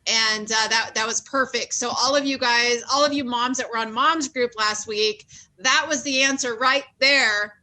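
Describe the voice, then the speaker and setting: A woman co-hosts a support group over a video call, affirming people and laughing easily. Her voice is bright and fairly high. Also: normal speed, low-quality recording. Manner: warm, affirming, laughs often. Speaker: group co-host.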